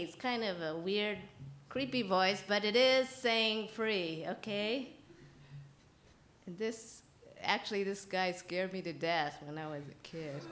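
A woman's voice: mid-range voice, takes it slowly, fairly bright tone. A woman giving a children's message at church, telling a story with chatty asides, frequent laughs and questions to the audience. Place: church hall. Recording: echoey church hall, faint ambience.

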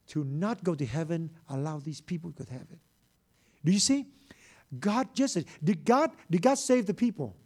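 Man, high voice, middle-aged preacher, broken grammar, impassioned. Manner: impassioned, shifts from hushed to loud exclaiming; broken grammar, frequent repeats. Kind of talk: sermon.

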